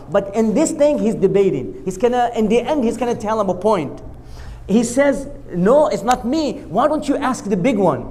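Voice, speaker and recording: A man giving a storytelling lecture at a mosque, acting out the quoted speech, with non-native English grammar. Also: sits high. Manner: animated retelling that acts out quoted speech. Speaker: lecturer at a mosque family night.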